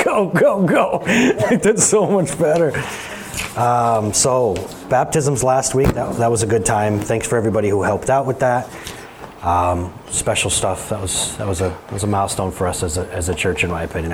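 A man preaching in a church as its pastor, with a conversational style that climbs high when he presses a point. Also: steady tone, a little fast, slight background noise. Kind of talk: sermon. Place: church sanctuary.

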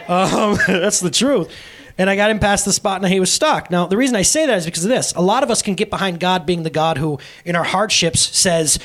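A man in his thirties preaching a sermon as pastor, telling a story in a casual, animated way. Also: fairly high pitch, fairly quick.

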